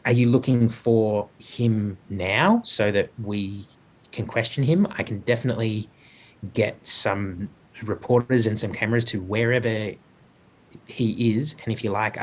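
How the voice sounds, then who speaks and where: A man's voice: on the low side, low-quality recording. A man voicing an eager, nosy female celebrity journalist in a tabletop game, rambling with fillers. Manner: rambling, full of fillers, quick offers.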